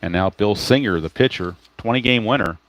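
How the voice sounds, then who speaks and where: Man hosting a tabletop baseball replay, lowish voice, chatty dice-roll commentary, dry close sound. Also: fairly quick, a bit bright, no room sound. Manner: chatty, explains each dice roll, greets viewers by name. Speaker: tabletop baseball game host. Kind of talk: casual play-by-play of a dice baseball game.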